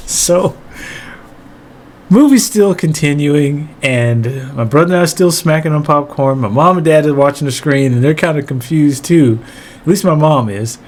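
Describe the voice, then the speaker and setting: Guy telling a funny story, kinda high voice, laughs a lot, cusses casually. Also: normal speed. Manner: animated, laughing, profane. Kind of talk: comedic storytelling monologue.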